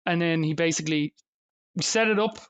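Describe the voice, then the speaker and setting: A man co-hosting a podcast, telling stories in an animated way, with lots of swearing and acted-out quotes. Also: on the high side, normal speed, clear, resonant tone. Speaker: podcast co-host. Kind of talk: casual chat.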